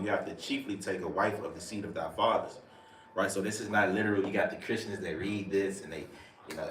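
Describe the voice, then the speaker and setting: Low-voiced man, casual bible preacher, distant mic in an echoey room with faint noise. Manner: calls for readings, repeats verses, asks "right?" after every point. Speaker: teacher leading scripture study. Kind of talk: street-preaching bible lesson.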